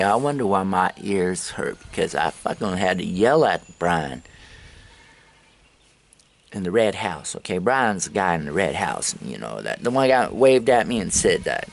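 A man's voice: deep voice, very animated, moderate pace, gravelly. A man vlogging on his travels, telling loose, rambling stories to the camera with plenty of swearing and laughter at his own tales. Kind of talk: casual storytelling to camera.

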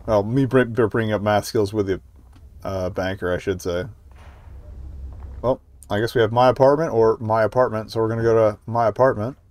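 A man's voice: lowish voice, fairly even intonation, normal speed, a little mellow. A man streaming a story game, chatting casually with profane, rambling asides. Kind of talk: casual gaming commentary.

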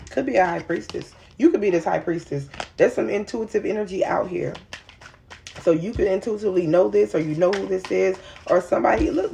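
A woman's voice: mid-range voice, gravelly, mellow, a little hiss or hum. A woman giving a casual tarot reading, chatty and rambling, talking straight to her viewers in an informal, slangy way. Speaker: tarot reader.

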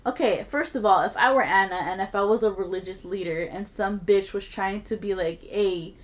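A woman podcast host reading a creepy story aloud with steady storytelling and blunt, casual asides. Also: mid-range voice, brisk.

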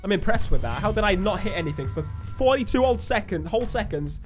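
A man's voice: high-pitched, lively intonation, brisk. A young man giving chatty, self-mocking commentary while playing a video game. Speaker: gaming YouTuber. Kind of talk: let's-play commentary. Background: game music.

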